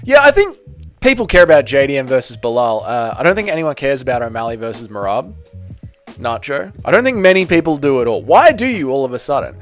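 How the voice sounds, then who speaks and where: Over soft background music, an Australian livestream host reads out viewer comments and replies with jokes and playful teasing. His medium-pitched voice is very animated and a little fast.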